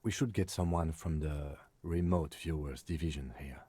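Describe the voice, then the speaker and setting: A measured police lieutenant speaks in a calm, dry, practical way in a video game. His voice is low and mellow. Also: a little hiss or hum. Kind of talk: game voice acting.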